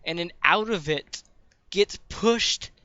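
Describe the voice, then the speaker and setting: A man's voice: high voice, slow, pushed and bright, clear, resonant tone, dry recording. A man narrating a tabletop game as game master, rambling and swearing with lots of fillers. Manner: rambling, profane, many fillers. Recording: dull dry lo-fi recording.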